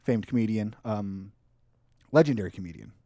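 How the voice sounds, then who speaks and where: A man's voice: fairly low pitch, lively intonation, dark tone, dry recording, studio quality. A man co-hosting a podcast, teasing and swearing in casual chat. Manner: fast, profane, teasing. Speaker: podcast co-host.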